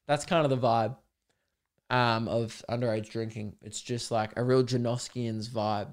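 A man's voice: medium pitch, brisk. A young man hosting his own podcast solo, chatting candidly and rambling, swearing freely. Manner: candid, sweary and rambling, with mocking put-on voices. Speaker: podcast host. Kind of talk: solo casual podcast chat.

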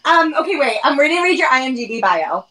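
High-voiced, effusive woman host. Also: sing-song, fast talker, a bit bright, poor audio. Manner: effusive and giggly. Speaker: podcast host. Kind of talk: casual chat on a live stream.

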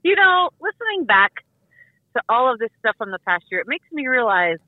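A woman co-hosting a podcast, upbeat and playful in casual chat. Her voice is high and comes through a thin, phone-like line. The sound is dry with no room around it. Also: very animated, fairly quick, no echo. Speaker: podcast co-host.

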